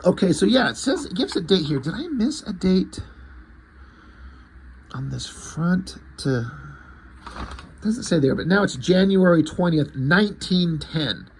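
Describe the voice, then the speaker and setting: A man's voice: high-pitched, very animated, unhurried, long pauses, a little hiss or hum. A man casually paging through a comic book, loosely retelling the story in a rambling way.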